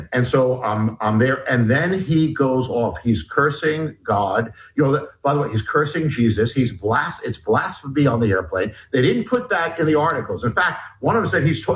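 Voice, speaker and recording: A man telling a story in an interview as a guest author, halting and restarting often while acting out dialogue. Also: mid-range voice, fairly bright tone, low-quality recording. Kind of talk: animated storytelling.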